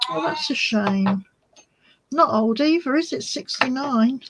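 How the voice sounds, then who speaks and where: A woman's voice: sits high, expressive, a little slow, a little hiss or hum, rough recording. A woman hosting a crafting live stream, chatting casually with viewers and her cat. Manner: chatty, laughs a lot, talks to her cat. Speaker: craft channel host.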